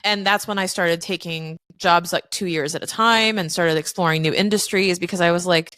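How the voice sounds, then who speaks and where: A woman's voice: on the low side, fairly even intonation, normal speed, hardly any pauses, fairly bright tone, no room sound. A woman guest on a podcast, telling her story in a frank, candid way, swearing freely and acting out quoted voices. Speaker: podcast guest, accountant and business owner. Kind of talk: casual storytelling interview.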